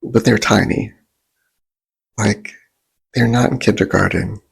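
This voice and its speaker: A man telling a rambling story in a soft ASMR vlog, often stopping to restart his sentences and acting out what others said. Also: fairly low pitch, slow. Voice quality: raspy, breathy and gravelly. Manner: rambling, self-interrupting, animated quoting of others. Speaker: vlogger.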